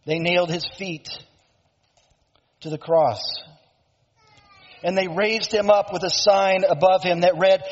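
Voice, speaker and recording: A male preacher who tells the story emphatically, often stopping to restate himself. His voice is high and husky. The sound is dull and lo-fi, with long reverb from a hall. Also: steady tone, takes it slowly, pauses often. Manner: emphatic storytelling, self-interrupting. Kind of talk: sermon, dramatic retelling.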